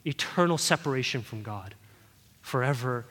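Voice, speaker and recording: A man's voice: mid-range voice, animated, normal speed. Earnest pleading male preacher in a hall. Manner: earnest pleading preaching, swelling louder at key points. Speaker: pastor. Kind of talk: sermon. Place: church hall.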